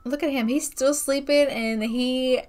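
A young woman hosting a gaming video, chatting excitedly through her gameplay with frequent exclamations. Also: high-pitched, unhurried. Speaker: gaming channel host. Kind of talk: casual game commentary.

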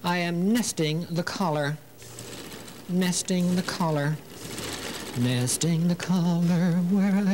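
A man's voice: high voice, fairly even intonation, slow pace, pauses often, background noise. A man hosting a TV sewing demonstration. He chats as he works, tells corny jokes, laughs at them, and coaxes the fabric and thread along. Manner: coaxing, talks to the fabric and the thread. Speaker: sewing show host.

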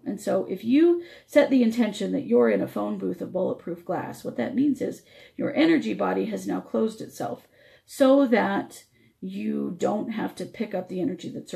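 A woman's voice: medium pitch, creaky, mellow. A woman radio host teaching spiritual energy techniques, explaining step by step while her voice struggles.

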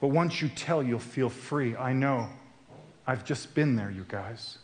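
A man's voice: mid-range voice, measured pace. A man giving a sermon at a men's retreat, telling a personal story in an earnest way. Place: retreat camp meeting room. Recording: roomy echo.

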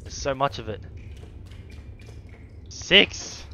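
A man commenting while playing a horror game, swearing a lot, grumbling when frustrated and yelling when something chases him. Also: medium pitch, expressive, extremely slow, heavy background noise. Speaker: gaming video creator. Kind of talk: let's play commentary.

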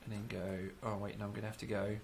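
A man's voice: lowish voice, little pitch movement, fast talker, vocal fry. A man who is a bit sick, rambling and giggling while he builds in a game as a let's-play YouTuber. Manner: giggly, rambling, self-mocking. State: sick, under the weather. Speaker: gaming YouTuber.

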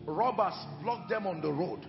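Male preacher, fiery sermon delivery, gravelly edge, dull roomy church recording. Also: high-pitched, lively intonation, moderate pace. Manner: impassioned preaching with shouted peaks. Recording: echoey hall, dull sound, music behind. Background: music.

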